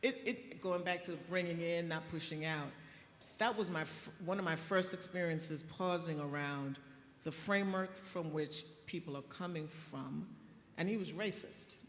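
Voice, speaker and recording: A middle-aged woman physician speaking on a conference panel, telling stories in a lively way with laughs. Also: lowish voice, normal speed, slight background noise. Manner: animated storytelling with laughs. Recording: echoey hall with faint ambience.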